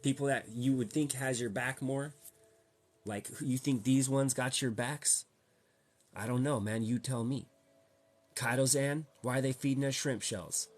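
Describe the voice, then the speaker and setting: A man's voice: medium pitch, fairly even intonation, a little slow, faint music behind. A man vlogging a casual rant, slangy and profane, heated and repetitive as he talks to his viewers. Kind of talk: casual ranting monologue.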